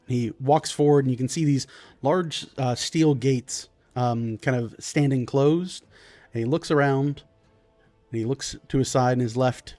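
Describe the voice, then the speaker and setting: A man narrating as game master of a tabletop game, descriptive and unhurried, with frequent fillers. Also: mid-range voice, a little mellow, no room sound.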